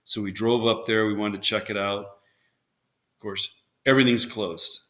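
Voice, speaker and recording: A man's voice: on the low side, little pitch movement, a little slow, fairly bright tone. A man, a former volleyball coach, chatting casually in an interview and telling rambling stories with lots of restarts. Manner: rambling storyteller, many restarts, acts out quotes.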